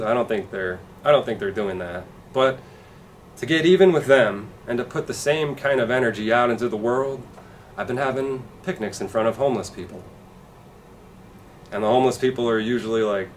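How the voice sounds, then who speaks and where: A man doing a stand-up comedy set with a dry, deadpan delivery and acted-out quotes. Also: fairly low pitch, moderate pace, far from the mic, a little hiss or hum.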